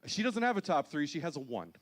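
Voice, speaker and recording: In a church auditorium, this pastor in his thirties delivers his sermon in a slightly high, sing-song voice at a quick pace. He keeps the congregation amused with self-deprecating stories.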